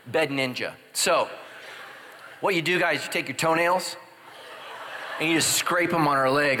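A man preaching a humorous sermon as a pastor, telling stories and swinging from loud high exclamations to quiet confessional asides. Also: a little slow, pauses often, in a large hall, background noise. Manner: animated, jumps into loud high exclamations and drops to hushed confessions.

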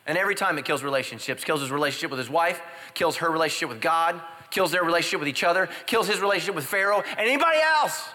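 A man preaching a humorous sermon as a pastor, telling stories and swinging from loud high exclamations to quiet confessional asides. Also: quick pace, few pauses, in a large hall. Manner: animated, jumps into loud high exclamations and drops to hushed confessions.

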